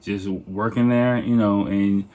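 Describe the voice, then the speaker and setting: A man's voice: lowish voice, fairly even intonation, slow, warm tone. A man hosting a podcast, telling a rambling story in a casual, profane, laid-back way. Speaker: podcast host.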